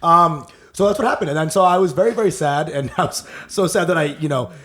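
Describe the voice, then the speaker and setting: A man's voice: a little high, quick pace, a bit bright. A man co-hosting a comedy podcast, telling crude stories in casual banter and laughing often. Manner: crude, joking storyteller who laughs often. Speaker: podcast co-host.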